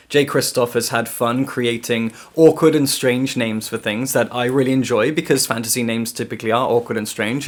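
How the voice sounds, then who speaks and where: A man giving a casual book review vlog, animated and sarcastic, swearing freely and laughing between remarks. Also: medium pitch.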